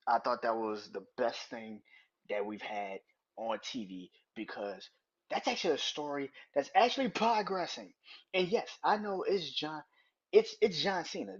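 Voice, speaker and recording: Male podcast host, husky and animated, casual profane commentary, lo-fi recording. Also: mid-range voice. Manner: animated, swears freely, acts out quotes. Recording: dull lo-fi recording.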